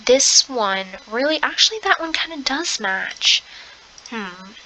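A young woman commenting on her game play, excitable, gasping often and slipping into soft half-whispered asides. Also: a little high, takes it slowly, a little hiss or hum, rough recording. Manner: excitable, gasping, lots of exclamations. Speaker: gamer.

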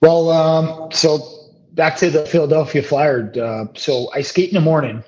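In a casual interview, this man in his thirties, a one-time professional hockey player, spins out a lengthy story at a measured pace in a fairly high voice. His guest anecdote wanders, packed with ums and false starts, relaxed throughout. Audio quality is somewhat dull and lo-fi.

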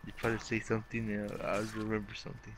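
A man's voice: on the low side, completely flat delivery, racing, background noise. A young man telling rambling childhood stories to friends in casual chat, full of swearing and fillers. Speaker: storyteller among friends.

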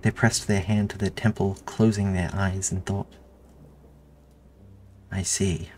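Deep-voiced man reading his story. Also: little pitch movement, normal speed, darkish tone, slight background noise. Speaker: author reading own story. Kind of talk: audiobook narration.

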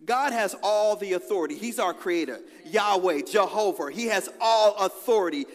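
A man preaches in a lively, conversational way, drawing the congregation into call-and-response. His voice sits a little high for a man. It rings out with a long reverb through a large church hall. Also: moderate pace. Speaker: pastor. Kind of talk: sermon with personal story.

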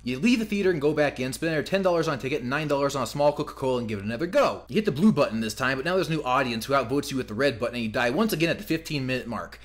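Fast-talking man reading a rant. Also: medium pitch, lively intonation. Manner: reads a ranting comic piece aloud, crude and escalating. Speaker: podcast co-host. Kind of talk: casual podcast chat.

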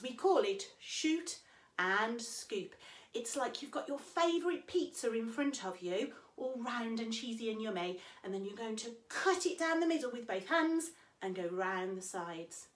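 A woman's voice: fairly high pitch, animated, unhurried. A woman in her thirties, a swimming teacher, leading small children through a playful lesson in a cheerful, sing-song way. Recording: echoey room.

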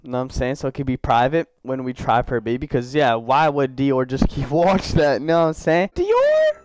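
A man's voice: medium pitch, steady tone, fairly quick, darkish tone, clean tone, dry recording. A young man giving casual, slangy gameplay commentary, joking and talking to the characters in his game. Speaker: gaming YouTuber.

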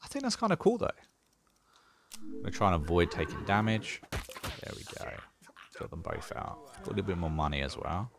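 A man's voice: low-pitched, wildly swooping pitch, fairly quick, long pauses, noisy background. A man casually talking through a strategy game as he plays, thinking aloud with dry sarcasm. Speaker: gaming channel host. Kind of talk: casual gameplay commentary.

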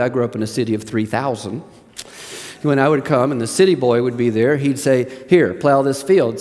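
Long hall reverb surrounds a middle-aged seminary president as he preaches in a slightly mellow, mid-range voice. He tells his sermon through folksy, conversational stories, turning now and then to address the audience directly.

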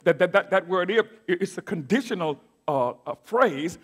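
A middle-aged man preaching a sermon as pastor, moving from quiet asides to loud declaimed scripture and calling out to his congregation. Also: high voice, lively intonation, normal speed. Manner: call-and-response preaching, swings from soft asides to loud declaiming. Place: church sanctuary.

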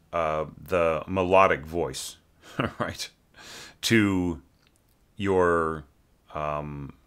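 A man with a very low voice talks through a student's orchestral score. He keeps it loose and conversational, thinking aloud with plenty of fillers and humming or singing quick syllables to show how a note should be shaped. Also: fairly bright tone. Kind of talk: informal score critique.

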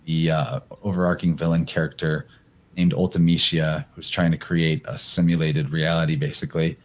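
Low-voiced man rambling through slides. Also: darkish tone. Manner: rambling, thinks aloud with fillers; reads passages aloud from slides. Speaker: podcast guest presenter. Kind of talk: casual slide presentation.

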